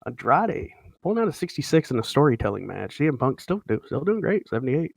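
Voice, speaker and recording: A man's voice: medium pitch, sing-song, a little fast, vocal fry, no echo. A man in casual chat on a podcast, running through wrestling results in an easygoing announcer style. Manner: play-by-play announcer delivery, easygoing.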